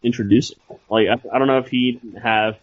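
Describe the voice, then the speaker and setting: A man's voice: mid-range voice, steady tone, a little fast. A man co-hosting a casual wrestling podcast, hesitant and wry, often restarting his sentences. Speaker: podcast co-host. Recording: dull lo-fi dry sound.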